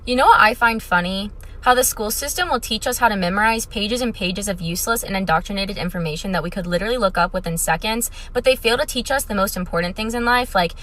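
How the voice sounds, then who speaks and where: A woman's voice: medium pitch, fast talker, few pauses, bright, forceful tone. A woman delivering a critical opinion rant, listing points one after another.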